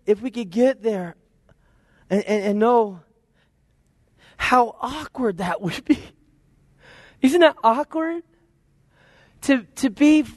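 A man preaching a sermon in a conversational, lively way, with playful asides and quoted voices. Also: very high voice, dry recording, clean studio sound.

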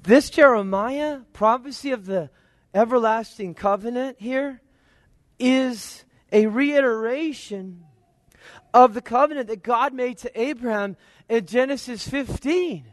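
High-voiced preacher teaching from scripture. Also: male voice, a little slow, dry recording. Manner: expository Bible teaching, reads scripture aloud and asks listeners to agree. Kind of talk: sermon.

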